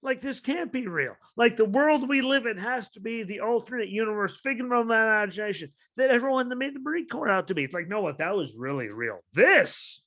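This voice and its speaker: A young man co-hosting a casual wrestling podcast, ranting with lots of swearing and sudden shouted bits of quoted dialogue. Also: sits high, fairly quick, few pauses. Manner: ranting, profane, animated, shouts out quoted lines. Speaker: podcast co-host.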